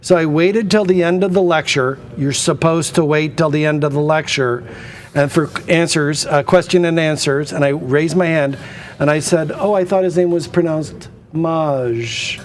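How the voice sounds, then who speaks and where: Man, auction host, slightly high-pitched, chatty, rambling, studio. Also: fairly even intonation, moderate pace. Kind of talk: live TV auction patter.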